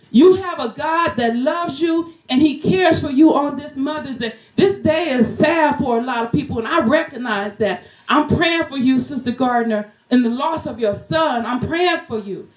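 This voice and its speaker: Woman preaching at home, high voice, echoey room, gets fired up and sings a bit. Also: darkish tone. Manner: fervent, breaks into song, laughs while preaching. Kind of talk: Mother's Day sermon.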